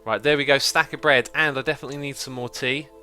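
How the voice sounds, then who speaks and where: A man hosts a relaxed gameplay livestream, talking casually and reading out viewer messages. His voice is bright and forward at an everyday middle pitch. Soft music plays faintly underneath. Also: quick pace, smooth. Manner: chatty, reads out viewer donations and messages. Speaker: livestream host.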